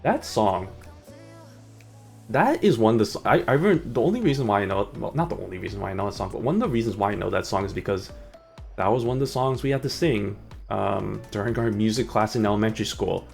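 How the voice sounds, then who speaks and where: Gravelly low-voiced guy rambling. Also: lively intonation, fairly quick, a little mellow, soft background music. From United States. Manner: rambling, self-mocking, breaks into sung snippets. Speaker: streamer. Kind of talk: casual gameplay commentary.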